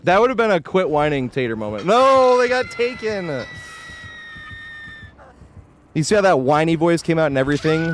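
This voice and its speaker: A man chats through his own live gameplay stream, shouting at the game when things go wrong, then apologizing, and thanking viewers as he plays. His voice is medium-pitched, with a little hiss or hum in the recording.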